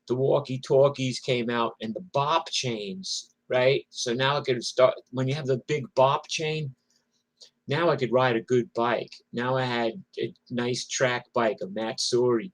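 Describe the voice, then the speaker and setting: Foul-mouthed rambling New man. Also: mid-range voice. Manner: profane, rambling, lots of fillers. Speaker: storyteller. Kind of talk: casual personal storytelling.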